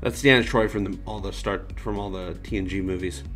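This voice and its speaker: A man's voice: low voice, fairly even intonation, a little fast, music in the background. A man hosting a casual livestream, reading out viewer comments and joking around in a loose, rambling way. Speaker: livestream host.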